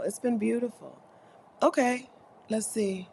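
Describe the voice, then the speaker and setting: There's a little hiss or hum behind this woman's lowish voice, which moves at a moderate pace with lively intonation. She's a Caribbean livestream host on a co-working stream, reading chat messages out loud, chatting playfully, laughing frequently, and making joking complaints.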